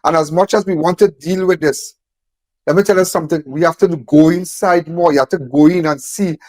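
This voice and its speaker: A man's voice: on the high side, steady tone, fairly quick, darkish tone, dry recording. A man speaking emphatically, repeating phrases and firing off rhetorical questions. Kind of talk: impassioned on-camera talk.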